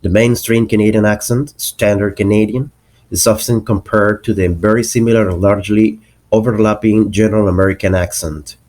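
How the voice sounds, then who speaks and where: A man narrating a lesson on English accents, explaining slowly and deliberately and spelling out example words. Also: on the low side, steady tone, darkish tone.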